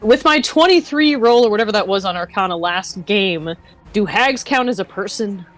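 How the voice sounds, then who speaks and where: A woman's voice: mid-range voice, animated, normal speed. A woman playing a tabletop game, chatting casually and asking about the rules. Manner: chatty, asks rules questions. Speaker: player.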